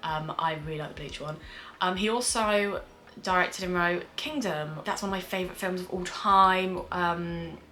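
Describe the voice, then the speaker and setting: A woman's voice: on the low side, normal speed, pushed and bright, soft background music. A young British woman, a screenwriter, chatting in a rambling casual vlog at home, full of fillers and swearing. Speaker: screenwriter reacting to a show. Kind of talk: casual reaction vlog chat. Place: home room with windows open on a hot day.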